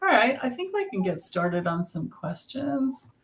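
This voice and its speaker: A woman's voice: on the high side, big pitch swings, measured pace, slight background noise. A middle-aged woman hosting a casual tarot livestream, chatting and greeting viewers by name with frequent laughter.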